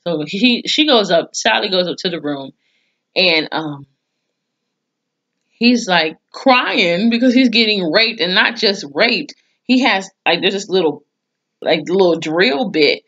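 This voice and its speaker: A woman's voice: on the low side, animated, a little slow, a bit bright, highs cut off. A woman giving a blunt, chatty recap of a TV episode, swearing freely and reacting with mock disgust. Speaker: TV episode reviewer. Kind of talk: casual spoken recap.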